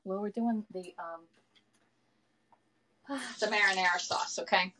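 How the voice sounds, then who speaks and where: Here the woman's pitch sits in the middle, her speed is normal, and her delivery sounds pushed and bright with no echo. She's running a live cooking stream from her home kitchen, chatty as she reads comments aloud and talks to viewers with "y'all" and "okay."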